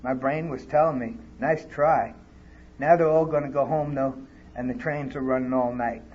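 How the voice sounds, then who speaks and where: A man's voice: mid-range voice, fairly even intonation, normal speed, a little mellow, muffled recording. A man speaking at a recovery conference, telling his personal story bluntly and with profanity. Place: conference hall.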